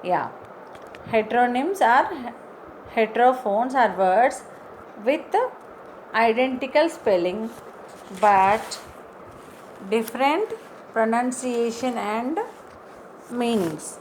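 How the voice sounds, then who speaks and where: A woman gives an online lesson at an unhurried, careful pace. Her voice sits fairly high, and she spells words out letter by letter. A faint hiss of noise sits behind her. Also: lively intonation, rough recording. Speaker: English teacher.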